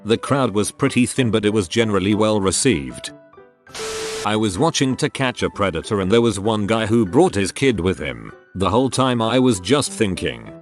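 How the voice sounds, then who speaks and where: Male narrator, low voice, animated reads over soft music. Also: normal speed. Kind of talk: scripted narration.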